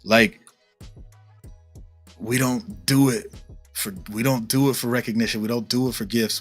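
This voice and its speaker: A man's voice: medium pitch, fairly even intonation, a little slow, long pauses, no echo, soft background music. A man giving a casual devotional teaching as a minister, talking in a conversational, slangy way, often asking "right?" and repeating his points for emphasis. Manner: tells stories with emphatic repetition.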